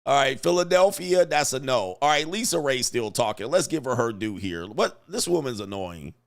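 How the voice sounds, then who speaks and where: A man's voice: medium pitch, expressive, moderate pace, gravelly. A man hosting a livestream reaction commentary, talking in a blunt, mocking way and chuckling often. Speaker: commentary host.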